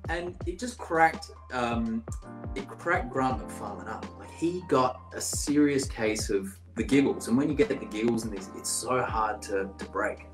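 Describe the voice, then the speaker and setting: A man's voice: medium pitch, a little slow. Man in his thirties, laid-back rambling storyteller, roomy echo, faint music behind. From Brazil. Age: 30s. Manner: relaxed, rambling, many "like" fillers. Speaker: actor guest. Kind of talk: casual storytelling interview.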